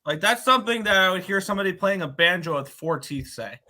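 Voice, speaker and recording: Bright, high teasing man. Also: animated, quick pace. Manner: mocking, teasing. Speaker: sports betting stream co-host. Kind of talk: casual teasing banter.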